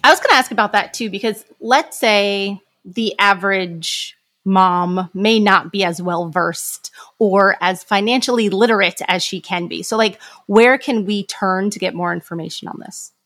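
A woman's voice: medium pitch, normal speed, a bit bright, no room sound, studio quality. A woman hosting a podcast, asking questions and closing the show in an upbeat, playful way. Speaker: podcast host. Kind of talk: podcast interview and outro.

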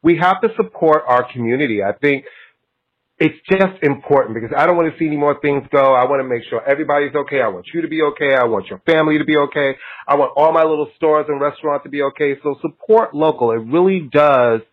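A man's voice: on the high side, fast talker. Male podcast co-host, casual, earnest, rambly, phone-line sound. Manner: earnest, rambling, laughs easily. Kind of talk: casual chat.

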